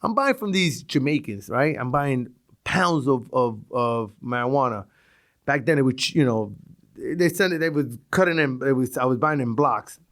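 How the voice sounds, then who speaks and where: A middle-aged man with a New York accent, a podcast guest telling stories in a casual, animated way and acting out street talk. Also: mid-range voice, normal speed. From Brooklyn, New York. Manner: animated, acts out street dialogue, chuckles often. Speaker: podcast guest, retired police officer. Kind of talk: casual storytelling.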